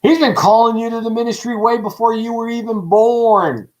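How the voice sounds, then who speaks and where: A man preaching on a livestream in a lively, joking way, asking his audience many questions. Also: very high voice, normal speed, rough recording. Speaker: pastor. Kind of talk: livestreamed ministry teaching.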